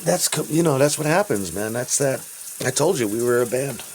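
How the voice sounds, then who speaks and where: A man in his fifties telling rambling personal stories, profane and halting, with restarts. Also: mid-range voice, expressive, a little hiss or hum. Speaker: interviewee.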